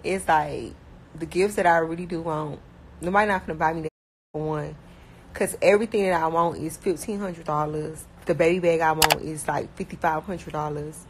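A young woman with a Miami accent talks fast and bluntly, packing her sentences with slang and fillers. Her voice sits fairly low for a woman. A faint hiss of background noise runs under the recording. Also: fairly even intonation, rough recording. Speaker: rapper talking about her life. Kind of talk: casual chat.

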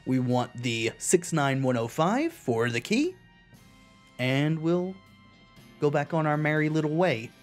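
A man hosts a video game playthrough, reading the on-screen text aloud before dropping dry jokes of his own. His voice sits somewhat high for a man. Faint background music runs underneath. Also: animated, a little slow. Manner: reads game text aloud, then adds dry wisecracks. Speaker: let's play host. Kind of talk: game commentary.

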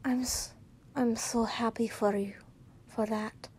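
Casting: a woman reading as a gentle young wife and teacher, soft-spoken, slow, and a bit halting. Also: fairly high pitch, steady tone, slightly rough. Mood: tender. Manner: gentle, with halting self-corrections. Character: loving young wife and teacher, the story's narrator.

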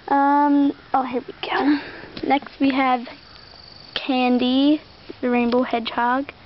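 Brief: young woman, slow, high-ish voice, rambling casual show-and-tell, muffled outdoor recording. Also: fairly even intonation, slight background noise. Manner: rambling, chatty, lots of "like". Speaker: vlogger showing a toy collection.

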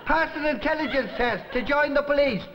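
An actor playing a slow-witted male tramp sidekick in a 1960s TV sketch, slow on the uptake. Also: extremely high pitch, muffled recording, background noise. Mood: dim. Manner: slow on the uptake, echoing the other.

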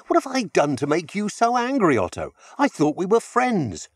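Reading an audiobook, a man voices a hurt, bewildered schoolboy pleading with a former friend, using an exaggerated, high-pitched voice above his own natural register. The pitch swoops wildly at a moderate pace, in a dry, clean studio recording.

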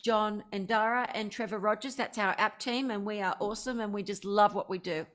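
Bright, gushing Australian woman. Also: mid-range voice, steady tone, fairly quick. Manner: effusive, enthusiastic, gushing. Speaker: guest. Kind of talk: casual interview chat.

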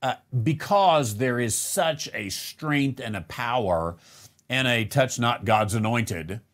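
A man's voice: medium pitch, lively intonation, slow. A man hosting a casual live question-and-answer show, rambling with many fillers and restarts and chuckling now and then. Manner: chuckles between remarks. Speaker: host answering viewer questions.

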